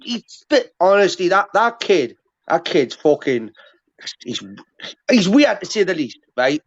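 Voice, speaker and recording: A man's voice: sits high, very animated, a little slow. A man talking on a livestream panel, rambling and swearing constantly, with many restarts. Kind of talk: heated casual livestream chat. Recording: muffled lo-fi stream audio.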